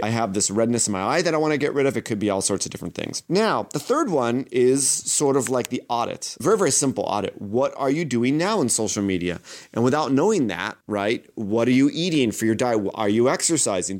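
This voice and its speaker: A man's voice: mid-range voice, darkish tone. A man working as a social media consultant, talking solo in a conversational way and asking his listeners rhetorical questions. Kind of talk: solo podcast monologue.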